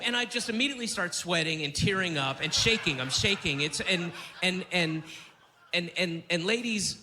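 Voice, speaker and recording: Middle aged guy doing standup, kinda high bright voice, stammery rambling story, a bit of room noise. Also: lively intonation, normal speed. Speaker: stand-up comedian. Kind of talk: stand-up comedy set. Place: comedy stage before a live audience.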